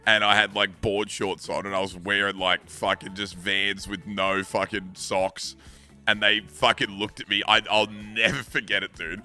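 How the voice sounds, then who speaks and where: Laid-back Australian man, bright voice. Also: lowish voice, level tone, normal speed, faint music behind. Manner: laid-back, swearing, rambling storytelling. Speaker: streamer. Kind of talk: casual stream chat.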